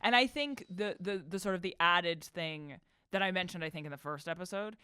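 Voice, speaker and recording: A woman's voice: lowish voice, a little fast, sharp tone, clean tone, no echo. A woman co-hosting a podcast in a studio, chatting casually and making her points earnestly. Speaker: podcast co-host. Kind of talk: casual chat. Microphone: studio mic.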